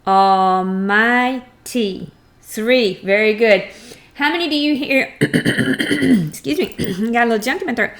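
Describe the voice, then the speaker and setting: A middle-aged woman teaching a first grade phonics lesson, patiently sounding out words and clearing her throat now and then. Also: fairly high pitch, animated, moderate pace, pauses often. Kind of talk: recorded phonics lesson for young children.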